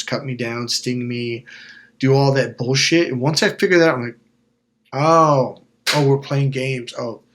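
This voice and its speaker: A man's voice: mid-range voice, a bit bright. Blunt, profane man coaching straight to camera. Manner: blunt, emphatic and profane, with repeated insistent phrasing; acts out voices of people in his stories. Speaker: life coach and channel host. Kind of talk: direct-to-camera motivational talk.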